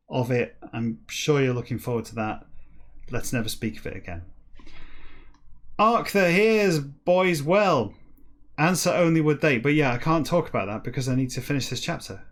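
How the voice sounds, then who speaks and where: A man hosting a rambling solo comedy podcast at a mid-range pitch. He drifts off on self-deprecating tangents, then reads text aloud slowly and haltingly, word by word. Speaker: podcast host.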